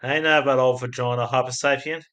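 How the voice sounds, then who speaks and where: This Australian streamer talks fast in a smooth, mid-range voice that's pushed and bright, with fairly even intonation. Chatting casually, he reads out viewer comments, wanders between subjects, and laughs often at his own crude humor.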